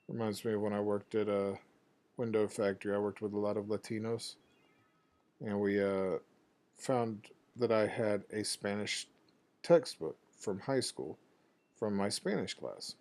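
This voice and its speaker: Male game streamer, lowish voice, loose and profane, casual storyteller. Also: measured pace, a little mellow. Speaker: streamer playing a video game. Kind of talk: casual rambling anecdote over gameplay.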